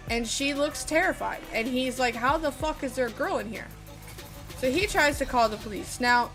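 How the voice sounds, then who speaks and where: A woman streamer telling a story in a rambling, casual way while she plays a game, swearing often. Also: on the high side. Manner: rambling, lots of fillers and swearing. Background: music.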